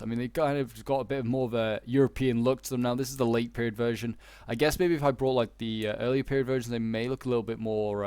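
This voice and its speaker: A young man with a Yorkshire accent talks through a strategy game in a loose, meandering way, stopping often for "uh" and "like". His voice is smooth and resonant, recorded close and dry with no room sound, at an ordinary middle pitch. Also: a little mellow, no echo. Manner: rambling, hesitant, many fillers and restarts. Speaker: gaming YouTuber. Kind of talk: casual gameplay commentary.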